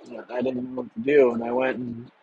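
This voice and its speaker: A man telling a personal story from his past in a halting, measured way with long pauses. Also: mid-range voice, big pitch swings, vocal fry, a little mellow, lo-fi sound, a little hiss or hum.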